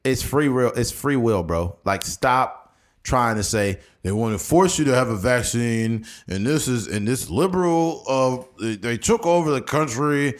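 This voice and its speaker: A man's voice: mid-range voice, animated, measured pace. A man co-hosting a casual podcast, joking and cursing through mock-outraged rants. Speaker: podcast co-host. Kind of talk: casual chat.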